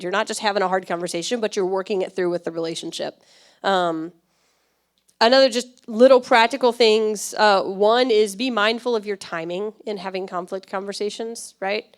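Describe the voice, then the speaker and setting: In a medium-pitched voice, this church pastor preaches in a conversational way, talkative and ready to laugh, regularly checking on how her listeners are following.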